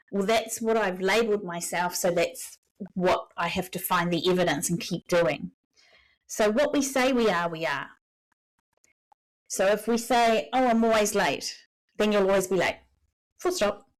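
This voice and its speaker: Earnest woman coach explaining calmly. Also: mid-range voice, rough recording. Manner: earnest, explanatory, repeats key phrases; blunt, frank wording. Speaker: leadership coach guest. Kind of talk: podcast interview answers.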